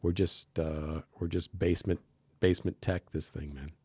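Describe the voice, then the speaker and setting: Deep-voiced American man telling animated stories. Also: normal speed, slightly rough, dry recording. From United States. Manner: animated storyteller, acts out quoted voices. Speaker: podcast guest. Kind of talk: casual interview chat. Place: podcast studio.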